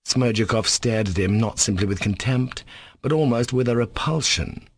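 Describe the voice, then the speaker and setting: A man narrating an audiobook in a steady, measured reading voice. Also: mid-range voice, slightly rough, dry recording. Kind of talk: scripted narration.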